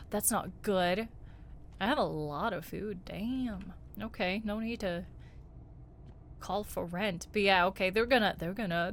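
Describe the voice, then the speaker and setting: A woman's voice: mid-range voice, takes it slowly, slight background noise. A young woman streaming a horror game, reacting casually with lots of slang and exclamations. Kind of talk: casual gameplay commentary. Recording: game music behind.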